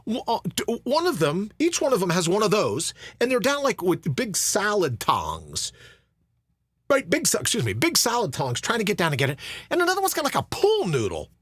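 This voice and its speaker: A man's voice: sits high, huge pitch swings, moderate pace, fairly bright tone, slightly rough, no echo, clean studio sound. A middle-aged man hosting a podcast, telling a long funny story and acting out other people's lines. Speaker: podcast host. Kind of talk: storytelling monologue.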